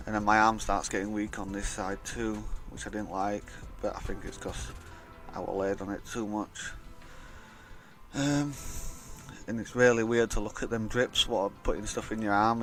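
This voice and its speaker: A man's voice: on the low side, steady tone, moderate pace, a bit bright, faint music behind. A young man telling a rambling, blunt, sweary story in a casual vlog. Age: young adult. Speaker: vlogger.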